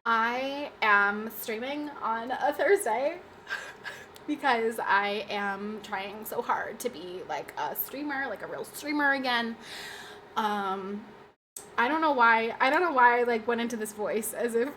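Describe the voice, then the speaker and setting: A young woman with a slightly high voice chats on a livestream, tired and rambling, laughing at herself often. Faint ambient noise hums behind her. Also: unhurried, fairly bright tone. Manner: rambling and self-deprecating, with frequent laughs. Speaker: streamer. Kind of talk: casual livestream chat.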